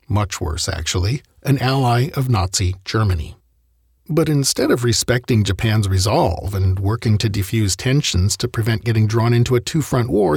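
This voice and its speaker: Gravelly man narrating history. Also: medium pitch, a little mellow, no echo, studio quality. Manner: wry, conversational asides. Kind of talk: scripted narration.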